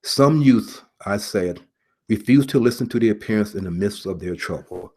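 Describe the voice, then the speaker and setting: A middle-aged man with a low, husky voice delivers a sermon-style message. He speaks earnestly, repeats his key phrases and pauses between them. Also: expressive, darkish tone. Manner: earnest, repetitive preaching with pauses. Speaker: preacher, former police officer.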